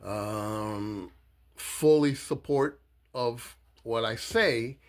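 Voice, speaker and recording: A man talking casually, halting and searching for his words. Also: medium pitch.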